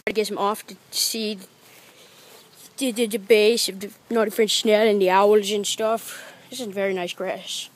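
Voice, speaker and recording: A woman's voice: medium pitch, steady tone, unhurried. A woman narrating and hosting a goofy homemade comedy skit in a rambling, stammering, silly way. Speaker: amateur filmmaker narrating his own skit.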